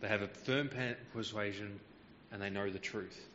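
A man's voice: lowish voice, steady tone, normal speed, fairly bright tone, in a large hall, lo-fi sound, a little hiss or hum. A man preaching a Bible teaching sermon, explaining verses patiently with frequent hesitant fillers.

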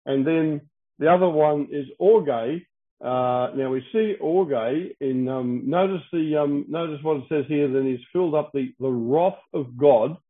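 A man teaching through Bible verses, explaining Greek words, with frequent fillers and restarts. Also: a little high. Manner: halting, many fillers and restarts, clears throat. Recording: tinny phone-like audio.

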